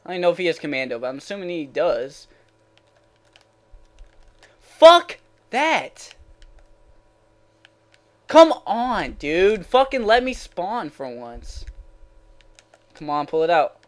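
A young man giving live commentary over his own video game match, swearing constantly, yelling in frustration, then muttering to himself. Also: fairly high pitch, big pitch swings, normal speed. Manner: swearing, swinging between raging shouts and muttering. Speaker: gaming channel host.

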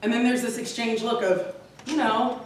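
A woman performing animated stand-up comedy and laughing often, recorded live from a distance in an echoey club. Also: a little high, normal speed, noisy background. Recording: live comedy club, far from mic, echoey, audience heard. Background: audience laughing.

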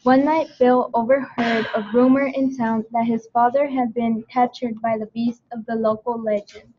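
A woman's voice: on the high side, little pitch movement, moderate pace, husky. Woman carefully reading a children's story. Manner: careful reading with small slips and restarts. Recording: dull lo-fi recording.

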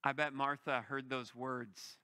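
A male pastor preaching a sermon, telling the story in an animated, vivid way. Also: mid-range voice, a little slow.

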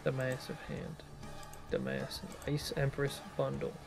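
Gravelly young man on a game stream. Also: mid-range voice, monotone, unhurried. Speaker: streamer co-player. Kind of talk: casual gaming stream chat. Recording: game music playing under voice.

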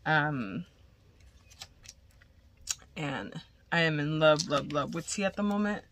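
A woman's voice: deep voice, expressive, slow, a bit bright, a little hiss or hum. A woman vlogger chatting casually and gushing as she unboxes crochet gifts, cursing now and then.

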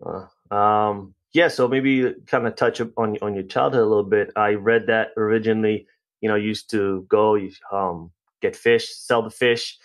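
A man's voice: on the low side, fairly even intonation, normal speed. A man with an American accent hosting a podcast, talking in a rambling, casual way full of fillers. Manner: rambling, filler-heavy, chatty. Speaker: podcast host.

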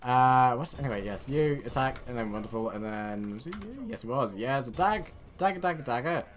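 Excitable British man rambling over gameplay. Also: mid-range voice, brisk. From United Kingdom. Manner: rambling, excitable, sarcastic asides. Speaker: let's play gamer. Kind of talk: casual game commentary.

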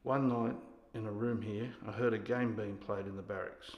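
An actor playing a drunk, bullying older army sergeant who barks insults and orders. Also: male voice, lowish voice, steady tone, normal speed, lo-fi sound, lightly acted. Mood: commanding. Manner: barking, insulting, commanding. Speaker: actor in a scene. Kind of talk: stage scene acting. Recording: echoey hall.

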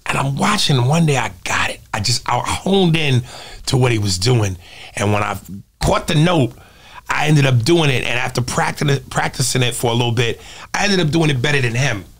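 A man's voice: medium pitch, normal speed. A middle-aged man, a comedian and impressionist, telling stories in a casual interview and slipping into voices. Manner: animated storyteller who drops into voices.

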